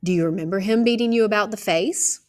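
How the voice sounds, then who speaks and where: A woman reading aloud, voicing a calm older male lawyer who asks measured, probing questions. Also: mid-range voice, pitched above the performer's own voice, lightly acted.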